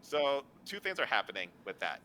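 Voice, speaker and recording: A man narrates as game master of a tabletop game in a bright, forceful voice. His pitch moves a lot, and his delivery is loose and full of fillers. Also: sing-song, moderate pace, a little hiss or hum.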